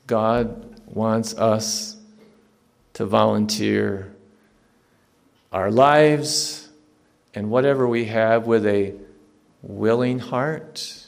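A man preaching a sermon with emphatic rising appeals, then praying quietly. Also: medium pitch, gravelly. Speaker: pastor. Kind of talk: sermon closing in prayer.

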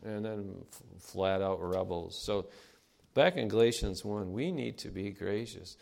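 An older man giving a conversational sermon, pausing often and clearing his throat between thoughts. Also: fairly low pitch, a little mellow. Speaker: preacher. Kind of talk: sermon with anecdotes.

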